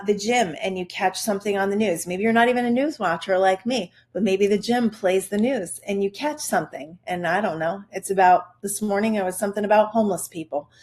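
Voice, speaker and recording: A middle-aged woman hosting a parenting podcast, giving an upbeat, chatty motivational talk aimed straight at the listener. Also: mid-range voice. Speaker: podcast host, parenting coach. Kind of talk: casual motivational monologue.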